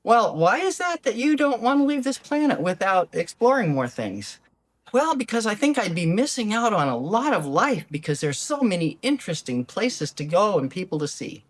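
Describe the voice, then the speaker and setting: An older woman hosting a solo talk as a life coach, gentle and animated, acting out the questions she quotes. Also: mid-range voice, normal speed. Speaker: podcast host, life coach. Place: lives abroad in Ecuador.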